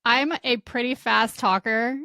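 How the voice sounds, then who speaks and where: Female interviewer, slight Southern Ohio accent, bright higher pitch, dry sound, friendly chat. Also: fairly even intonation, a little slow, dry recording. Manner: friendly, asks questions. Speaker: podcast host.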